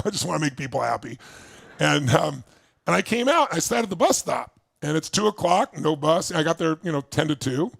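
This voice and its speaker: A man's voice: fairly high pitch, creaky, husky, dry recording. A man from Southern California giving an intense motivational talk, telling his own story to a live crowd. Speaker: motivational speaker.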